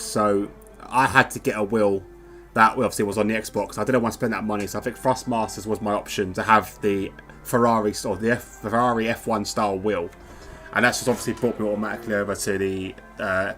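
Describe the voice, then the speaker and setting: A man's voice: on the low side, a bit bright. Man, casual race commentary, rambling, filler-heavy, headset mic. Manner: chatty, rambling with many fillers and restarts. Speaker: sim racing commentator. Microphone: wireless headset.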